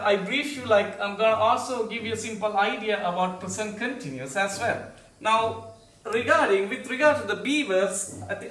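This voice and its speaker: A man teaching an online English grammar lesson, explaining slowly with many "uh" fillers, then saying example sentences with clear rising and falling intonation. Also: high voice, fairly bright tone, reverberant.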